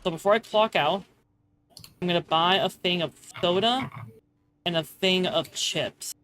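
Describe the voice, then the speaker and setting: A woman's voice: on the low side, measured pace, fairly bright tone, slight background noise. A woman streaming a game live, chatting casually with friends and her chat, laughing often and swearing playfully.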